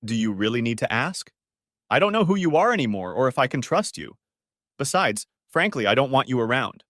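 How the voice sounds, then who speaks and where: A man's voice: mid-range voice, very animated, fairly quick, a bit bright, no echo. A man playing a cold, furious betrayed husband. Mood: angry. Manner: cold and caustic.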